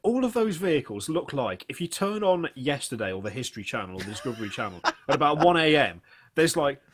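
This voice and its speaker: Male co-host, mid pitch, rambling excitable storyteller. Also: quick pace. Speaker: podcast co-host. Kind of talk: casual gaming chat.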